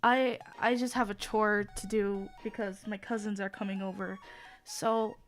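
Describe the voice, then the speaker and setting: A woman's voice: mid-range voice, flat delivery, measured pace, faint music behind. A woman streamer in casual live-stream chat, sounding sick as she rambles apologetically between sighs and groans.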